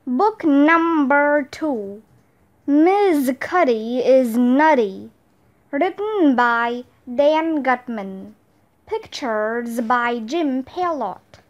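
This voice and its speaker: A woman reading a children's book aloud, in slow, clear storybook narration. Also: high voice, lively intonation, muffled recording.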